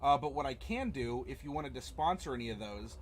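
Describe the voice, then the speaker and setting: A man's voice: mid-range voice, lively intonation, fairly quick, a little hiss or hum. A young man hosting a live stream as game master, chatting casually and rambling with many fillers and restarts.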